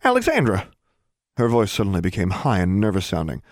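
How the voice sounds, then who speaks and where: A man voicing a nervous teenage schoolgirl with a high, fretful voice. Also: quick pace, vocal fry, a little mellow, no room sound, clean studio sound. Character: nervous teenage girl student.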